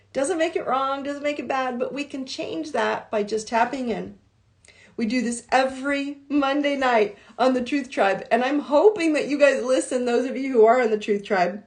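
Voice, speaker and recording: Encouraging woman coach, fairly high voice. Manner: earnest, encouraging, repetitive affirmations. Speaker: life coach. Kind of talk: live-stream coaching talk.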